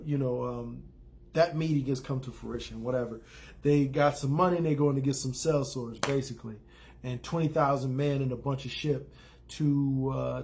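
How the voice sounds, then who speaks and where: A man's voice: mid-range voice, darkish tone. A man giving a casual, rambling spoken recap with many fillers and restarts. He drops in blunt opinions and briefly acts out characters' lines. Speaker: TV episode recapper.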